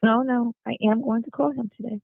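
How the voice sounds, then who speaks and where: Phone caller, man, high raspy, chiding and teasing, tinny line. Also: steady tone, dry recording. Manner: chiding, fast-talking, teasing. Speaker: caller on a recorded phone call.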